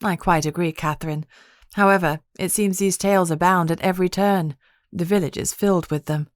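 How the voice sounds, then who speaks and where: Woman playing a genteel countess, formal and refined, lowish dry voice. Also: steady tone, a little fast, no room sound, natural voice. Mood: gracious. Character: Victoria, gracious proper countess, adult woman.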